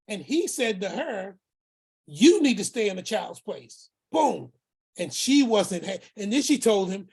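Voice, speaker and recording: A man's voice: high voice, lively intonation, measured pace, darkish tone, slightly rough. A man telling a family story as the uncle in it, acting out each person's words and repeating phrases for emphasis. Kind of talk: storytelling talk.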